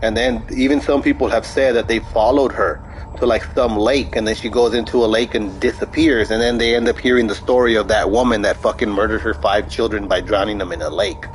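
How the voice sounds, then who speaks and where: A man's voice: fairly low pitch, fairly even intonation, a little fast, a little hiss or hum, poor audio. A young man chatting casually over gameplay, telling a story in a rambling, profane way with many restarts. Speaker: gaming streamer.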